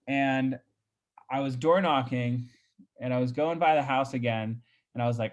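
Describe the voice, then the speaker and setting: A man's voice: medium pitch, normal speed, highs cut off. A man, a real estate agent, telling a story in a chatty way on a video call, full of fillers and restarts. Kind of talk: casual coaching talk on a video call.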